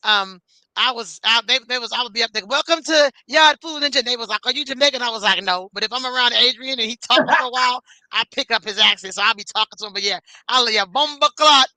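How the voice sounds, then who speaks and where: A woman's voice: a little high, steady tone, quick pace, bright, forceful tone, no echo. A woman in her forties co-hosting a casual chat, blunt and profane, telling stories with animation. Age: 40s. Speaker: co-host.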